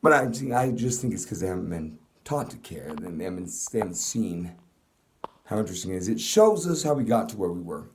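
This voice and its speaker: A man's voice: sits low, big pitch swings, brisk. A young man delivering an angry, profane political rant to camera, swearing constantly. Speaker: vlogger. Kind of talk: ranting political monologue.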